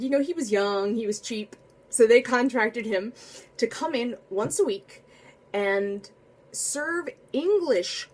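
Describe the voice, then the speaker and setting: A woman telling a casual spoken anecdote in a chatty, animated way, full of asides and restarts. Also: medium pitch, breathy edge. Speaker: storyteller.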